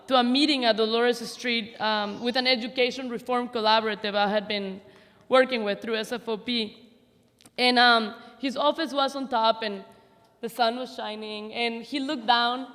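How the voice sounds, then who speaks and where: A woman's voice: fairly high pitch, fairly bright tone. A woman in her thirties giving a memorial speech, telling a personal story in a chatty, laughing, self-teasing way, recorded live in a large hall. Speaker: memorial speaker. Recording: hall reverb, live event.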